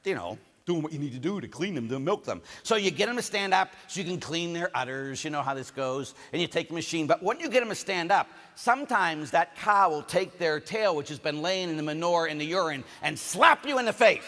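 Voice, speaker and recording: A man's voice: on the high side, animated, fairly quick, hardly any pauses, bright, forceful tone, long reverb tail. A man from Pittsburgh with a Pittsburgh accent, preaching a sermon told as a jokey farm story, with big swings in volume.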